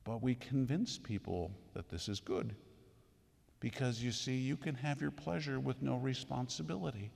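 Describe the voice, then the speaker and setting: A man's voice: mid-range voice, normal speed, gravelly, darkish tone, slightly rough. A man preaching a sermon, emphatic and full of rhetorical questions, in a church. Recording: echoey hall with long reverb.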